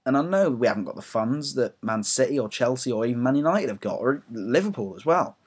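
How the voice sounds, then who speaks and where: Speaking a touch quickly with an animated, mid-range voice and a breathy edge, a young English football fan blogger goes on a rambling rant. He swears freely and pokes fun at himself along the way.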